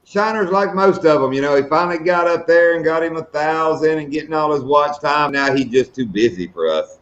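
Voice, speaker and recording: A man's voice: fairly high pitch, brisk, fairly bright tone, slight background noise. Joking man in an echoey lo-fi room. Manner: joking, teasing banter. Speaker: live stream co-host. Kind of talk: casual chat. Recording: echoey, dull lo-fi sound.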